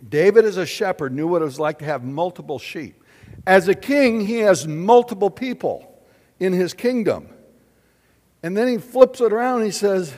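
A man preaching a sermon in an auditorium, drawing answers from the audience and swinging from loud declarations to hushed questions. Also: sits high, normal speed, in a large hall. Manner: animated, questioning the audience, big swings in loudness. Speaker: pastor.

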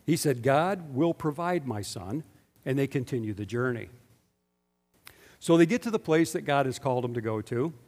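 A man's voice: medium pitch, expressive, a little fast, pauses often, darkish tone. A man preaching a sermon. He speaks emphatically and keeps asking the congregation rhetorical questions, and the recording has a long hall reverb. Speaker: pastor.

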